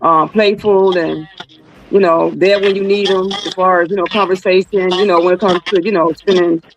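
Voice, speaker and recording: A woman's voice: on the low side, steady tone, moderate pace, music in the background. A woman, a guest and aunt, speaking over a video call, rambling and filling with "you know.". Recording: dull lo-fi call audio.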